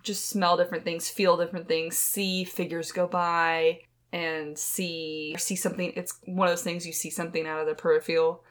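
A young woman co-hosting a podcast tells ghost stories in a casual, rambling, chatty way full of fillers, sitting close to the mic. Her lowish voice barely moves in pitch and keeps a moderate pace.

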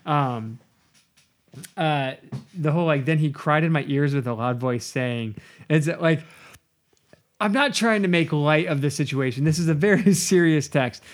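Animated, rambling man in a Bible chat. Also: a little high, a little slow. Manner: rambling and animated, full of fillers, acts out voices. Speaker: podcast co-host. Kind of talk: casual Bible study chat.

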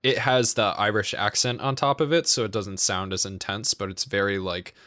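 A man's voice: lowish voice, fairly quick, pushed and bright, dry recording, clean studio sound. A young man in casual chat, rambling with many fillers, laughing often and swearing casually.

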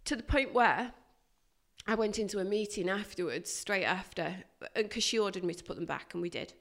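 A woman, a guest recounting a hard workplace experience in a candid, animated way. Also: mid-range voice, brisk. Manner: animated, emphatic retelling with bursts of loudness. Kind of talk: candid personal storytelling.

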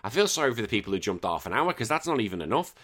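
A man hosting a podcast, chatting casually in a rambling, animated way and swearing freely. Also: lowish voice, very fast. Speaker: podcast host.

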